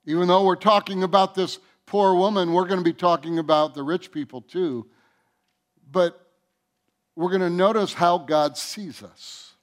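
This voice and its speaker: A man preaching a sermon to his church as its pastor, earnest, with restarts and soft, quiet endings to his phrases. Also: high voice, steady tone, normal speed. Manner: earnest, with repeated restarts and soft drops in volume. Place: church sanctuary.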